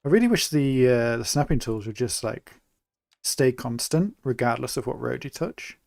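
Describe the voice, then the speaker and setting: Gravelly, chatty English male streamer. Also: medium pitch, moderate pace, no echo, studio quality. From England. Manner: relaxed, chatty, thinking aloud while building. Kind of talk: live gameplay commentary.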